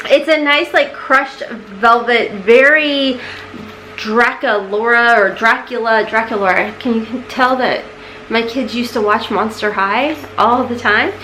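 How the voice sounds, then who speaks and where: A woman's voice: slow pace, bright, forceful tone, a little hiss or hum, rough recording. A woman, chatting casually through a beauty box unboxing and easily distracted. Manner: chatty, easily distracted, coos at her cat in a high voice. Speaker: beauty vlogger.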